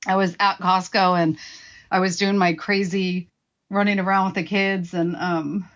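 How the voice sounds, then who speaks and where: A woman's voice: fairly low pitch, little pitch movement, a little slow, fairly bright tone, highs cut off. A woman in her forties, a guest telling her own story frankly and with swearing, acting out her past remarks. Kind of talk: candid personal storytelling.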